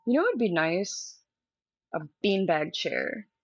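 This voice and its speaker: A woman's voice: mid-range voice, very animated, measured pace, no echo. Chatty young woman on dull stream audio. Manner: chatty and candid, talking straight to viewers. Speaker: live streamer. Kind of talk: casual live-stream chat.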